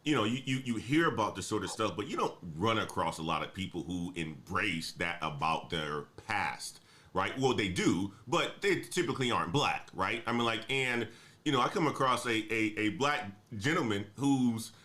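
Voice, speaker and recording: A man's voice: fairly low pitch, pushed and bright. A man hosting a casual conversation, enthusiastic and repeating words as he builds up his points. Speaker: host.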